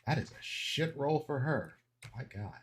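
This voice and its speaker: A man's voice: mid-range voice, lively intonation, a little slow, slightly rough. Easygoing male game master. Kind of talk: running a tabletop role-playing game.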